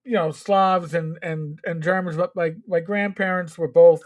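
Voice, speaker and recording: Male stream guest, notably high-pitched, rambling and stumbly. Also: steady tone, moderate pace. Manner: rambling, stumbling over words. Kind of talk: casual livestream chat.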